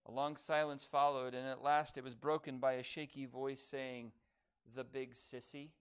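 A man preaching a sermon, building to loud emphatic declarations and dropping soft on key phrases. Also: medium pitch, flat delivery, normal speed, clean tone.

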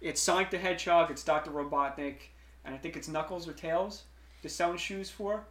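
Podcast host, male, chatty and rambling, slightly high voice, echoey room. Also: fairly quick, a bit bright. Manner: rambling, lots of fillers and restarts. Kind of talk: casual chat. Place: room streamed live.

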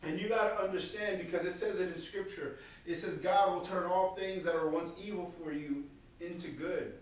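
High-voiced guy preaching, super animated, acts out voices, echoey and kinda far from the mic. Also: normal speed. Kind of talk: sermon.

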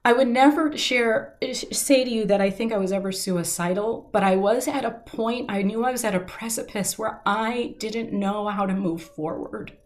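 Earnest woman telling a heartfelt story. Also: mid-range voice. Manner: earnest, heartfelt, slows down at emotional moments. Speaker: guest telling a personal story. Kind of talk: emotional personal storytelling.

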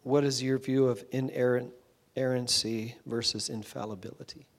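A man's voice: medium pitch, fairly even intonation, normal speed. A man in the audience asking a question, a bit hesitant.

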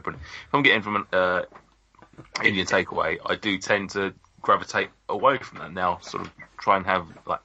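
A podcast co-host chats casually and rambles, full of ums and restarts. His voice is low and sharp with a breathy edge, heard through dull lo-fi podcast audio.

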